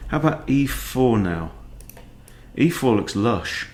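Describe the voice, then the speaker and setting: A man, a chess coach thinking aloud in a relaxed, understated way as he plays a fast game. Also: mid-range voice, slight background noise. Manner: muttering, understated, self-talking. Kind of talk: thinking aloud while playing blitz chess.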